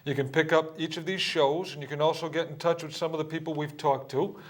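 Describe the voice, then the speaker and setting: A man's voice: on the high side, steady tone, fast talker. A man hosting a local cable talk show, speaking in a friendly, plain-spoken way. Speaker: cable access show host.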